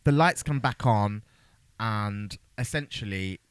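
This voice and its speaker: A man's voice: on the low side, takes it slowly, clean tone, no echo. Chatty man, dry close sound. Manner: chatty, acts out lines from the film in a raised voice. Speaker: podcast co-host. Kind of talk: casual chat recapping a film.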